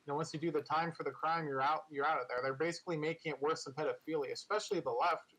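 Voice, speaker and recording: Brief: higher-voiced man on a podcast, sarcastic, rambles with many fillers. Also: steady tone, fast talker, fairly bright tone, low-quality recording. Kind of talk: casual political chat.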